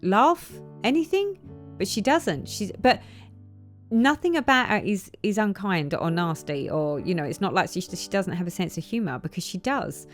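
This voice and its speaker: A woman vlogging, chatting casually and acting out quotes as she retells a story. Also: medium pitch. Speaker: flosstube vlogger. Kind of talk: casual chat to camera.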